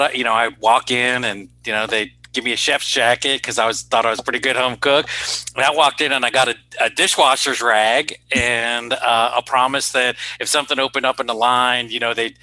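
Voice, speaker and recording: Forceful, sharp-toned middle-aged man. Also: mid-range voice, rough recording. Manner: rambling, self-deprecating, many fillers. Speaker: cardiologist and chef, guest. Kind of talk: casual interview storytelling.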